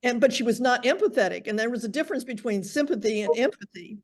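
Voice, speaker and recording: A woman's voice: fairly high pitch, fast talker. A woman trainee in a group discussion, giving her opinion hesitantly with frequent restarts.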